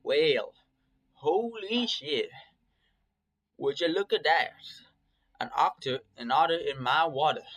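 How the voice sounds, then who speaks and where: A man's voice: a little high, animated, slow pace, long pauses, a bit bright, heavily acted, poor audio. A man voicing a cocky, cheery male German shepherd in his thirties with a put-on Southern drawl, talking brash and crude. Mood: teasing.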